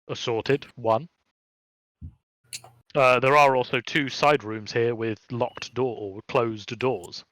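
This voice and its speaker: A man running a tabletop game as game master, narrating in a relaxed, chatty way with many fillers. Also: medium pitch, takes it slowly, dry recording.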